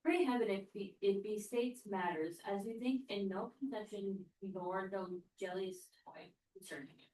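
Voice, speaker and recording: Woman student as an anxious young noblewoman, halting class reading, distant roomy sound. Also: medium pitch, darkish tone, slight background noise, lightly acted. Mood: worried. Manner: halting, stumbles over old verse. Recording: roomy classroom, mic far off.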